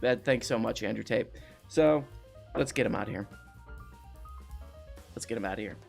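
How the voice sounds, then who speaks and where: A man hosting a comedy call-in show as a deadpan straight man, calmly repeating back whatever his guest claims. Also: fairly low pitch, moderate pace, vocal fry, faint music behind.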